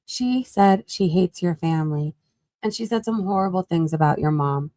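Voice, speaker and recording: A woman's voice: lowish voice, lively intonation, normal speed, mellow, no room sound. A woman chatting casually on a live gossip stream, scrolling and laughing as she talks to her chat. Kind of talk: casual commentary while scrolling.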